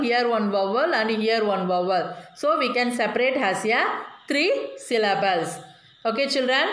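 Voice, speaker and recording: A woman's voice: a little high, a bit bright, echoey room. A woman teacher giving a class lesson, patiently spelling words out letter by letter and often checking in with the children. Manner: frequent tag questions to children.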